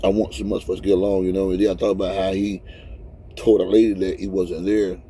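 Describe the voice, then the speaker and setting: There's little pitch movement in this deep, dark voice as a fifties-aged trucker talks quickly, crying in a heartfelt, rambling vlog from his cab. He keeps repeating himself in this casual, emotional talk, and a bit of background noise can be heard.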